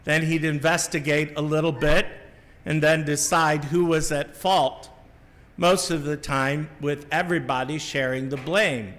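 Middle-aged Midwestern priest, homily delivery, unhurried and reflective, fairly high voice, long church echo. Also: male voice, steady tone, fairly bright tone. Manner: measured, reflective storytelling with small restarts. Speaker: Catholic priest giving a homily. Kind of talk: sermon.

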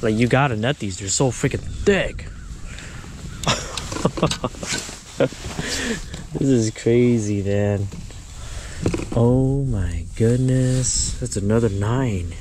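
A man hosting a fishing vlog outdoors, talking casually to viewers and getting excitable and exclamatory over his catches. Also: lowish voice, slow pace, long pauses, background noise. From US Midwest. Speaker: fishing vlogger. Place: outdoors on the ice.

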